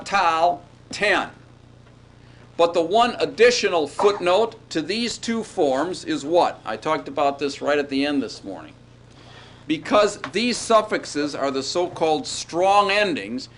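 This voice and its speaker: A man teaching a grammar class in a chatty, digressive way, often checking in with "all right?". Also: a little high. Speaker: Hebrew grammar lecturer. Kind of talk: classroom lecture.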